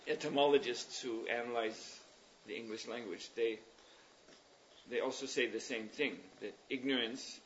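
A man leading a religious class, explaining ideas at length in a thoughtful, meandering way with pauses and fillers. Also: medium pitch, steady tone, slight background noise. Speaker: spiritual teacher leading a class. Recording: dull lo-fi recording.

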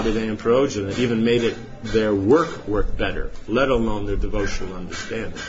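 A man's voice: lowish voice, highs cut off, noisy background. A man giving an informal spiritual class, rambling with many rhetorical questions and asides. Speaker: spiritual teacher.

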